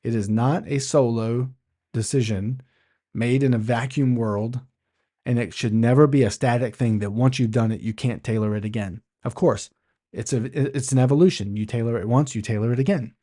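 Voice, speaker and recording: A man's voice: medium pitch, normal speed, warm tone. A man hosting an instructional podcast, teaching in a conversational way, asking rhetorical questions and often restarting his phrases. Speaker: podcast host.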